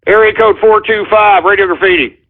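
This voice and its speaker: A man's voice: sits high, fairly even intonation, a little fast. A man hosting a call-in radio show, ranting irritably and swearing at his callers. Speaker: radio host taking voicemail calls. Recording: tinny phone-like radio audio.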